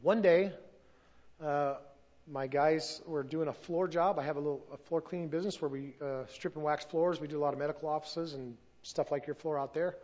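A pastor telling his story from the pulpit, his voice sitting a little high. He slips into the voices of the people he quotes as he goes. The recording is muffled and lo-fi. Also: fairly even intonation, fairly quick, darkish tone. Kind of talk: testimony sermon.

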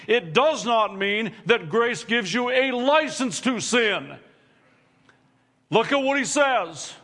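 Slow-preaching high-voiced man. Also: fairly bright tone. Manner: slow, deliberate preaching with drawn-out emphasis; addresses congregation directly. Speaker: pastor. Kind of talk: sermon.

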